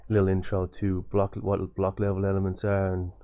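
A man's voice: deep voice, completely flat delivery, brisk, lo-fi sound. A young man giving a loose, repetitive coding tutorial over a screen recording, with many fillers and restarts.

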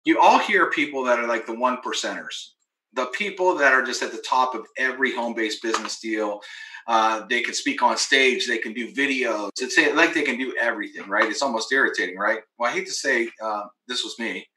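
A man giving an energetic marketing pitch in a webinar, emphatic and acting out the doubts of his prospects. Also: brisk. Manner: emphatic, acts out quoted voices of prospects. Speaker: webinar presenter. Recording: roomy echo.

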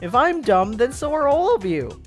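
A gamer reading game dialogue aloud, voicing an angry schoolgirl who is afraid of expulsion, with a shrill, indignant voice. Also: very animated, unhurried, a bit bright, soft background music, exaggerated voice.

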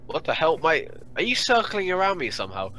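A man's voice: fairly high pitch, huge pitch swings, fairly quick, very noisy. A man in casual gaming chat, teasing his friends and repeating catchphrases.

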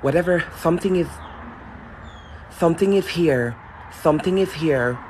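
A man with a lisp, working as a paranormal vlogger, talks to his livestream audience as he explores an abandoned building outdoors. The voice is a little high and darkish, at a normal speed, with slight background noise, and his chatty manner includes direct address and nervous asides.

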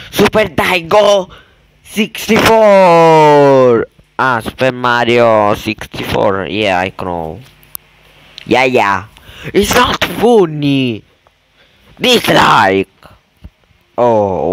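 A man doing casual gameplay commentary as a gaming YouTuber, erratic and exclamatory, swinging between mumbles and yells. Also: fairly low pitch, very animated, slow, long pauses, low-quality recording.

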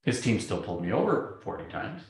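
A creaky, fairly low voice belongs to a middle-aged man speaking briskly at a public talk. His lively stories, with acted-out exchanges, ring through a very echoey lecture hall.

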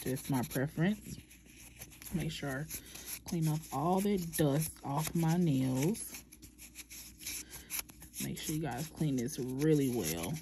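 A young woman chatting through a nail tutorial, talking to viewers as "y'all" in a relaxed, chatty way. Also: low-pitched, slow pace, pauses often, slight background noise. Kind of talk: casual tutorial chat.

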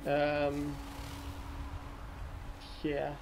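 Gamer guy, slightly high voice, unhurried, swears a lot and mutters at the screen over clear background noise. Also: fairly bright tone. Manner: profane, muttering, talks to himself. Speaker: let's play commentator. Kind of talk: casual gameplay commentary.

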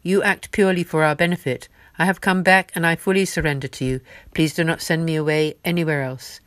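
A woman's voice: sits low, fairly even intonation, brisk, no echo, natural voice. Woman reading as an earnest humble devotee man. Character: devout humble grown man, earnest disciple.

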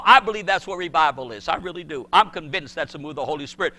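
A man's voice: fairly high pitch, lively intonation, fast, hardly any pauses, sharp tone. A male pastor preaching a sermon, emphatic and repetitive, acting out the voices he quotes.

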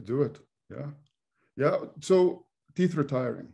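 A man's voice: mid-range voice, lively intonation, slow, gravelly, mellow. A man hosting an interview as a dentist, giving supportive replies and sharing his own patient story. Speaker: dentist and podcast host. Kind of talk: conversational interview.

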